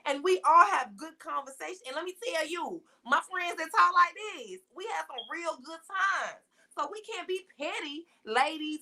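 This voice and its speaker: A woman with a slightly high, forceful and bright voice hosts a live-streamed talk show. She stresses her points and repeats them, moving back and forth between casual and more formal speech.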